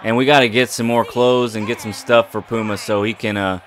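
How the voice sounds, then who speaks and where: A man's voice: on the low side, fairly even intonation, a little fast, fairly bright tone. A man giving playful, jokey commentary over a wrestling video game and talking back to its characters. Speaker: gaming YouTuber. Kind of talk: casual gameplay commentary.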